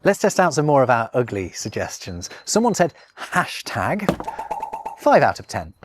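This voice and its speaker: A man's voice: mid-range voice, big pitch swings, moderate pace, background noise. A man with a British accent hosting a scripted language lesson, playful and wry, leaning hard on the words he discusses. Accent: British English. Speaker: language video host. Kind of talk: scripted educational narration.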